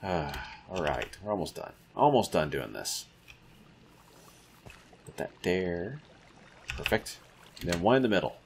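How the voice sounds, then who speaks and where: A man's voice: low-pitched, sing-song, a little slow, creaky, pauses often, a little hiss or hum. A man giving casual let's-play commentary, muttering to himself and taunting the creatures in the game. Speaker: gamer.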